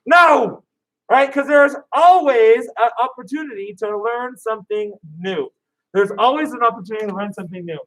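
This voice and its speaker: A karate instructor teaching an online kids' class, upbeat, calling out drill commands and counting down. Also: male voice, very high-pitched, a little fast, fairly bright tone, poor audio.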